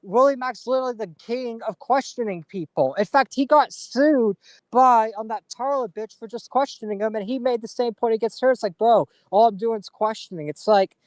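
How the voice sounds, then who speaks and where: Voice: medium pitch, normal speed, no echo, studio quality. A co-host on a casual commentary stream, talking bluntly with frequent profanity.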